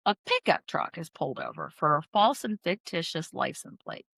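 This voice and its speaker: Woman podcast host, slightly low voice, dry close sound, casual rambling true-crime storytelling. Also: sing-song, moderate pace, gravelly, fairly bright tone, slightly rough, no echo. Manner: chatty, filler-heavy, self-correcting storyteller. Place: in-person podcast studio.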